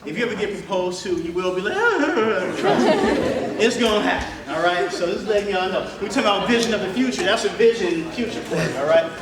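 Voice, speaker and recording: A man telling a joking, animated story to a live audience, talking straight to the crowd, with a relaxed sound. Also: sits high, fast talker, hardly any pauses, distant mic. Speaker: motivational speaker. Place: large room with an audience. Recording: echoey room from afar with crowd noise.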